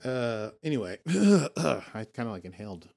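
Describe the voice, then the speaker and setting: A man's voice: mid-range voice, very animated, unhurried, vocal fry, warm tone. A man co-hosting a podcast, chatting casually and rambling with frequent self-corrections and jokes. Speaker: podcast co-host. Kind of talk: casual chat recapping a TV episode.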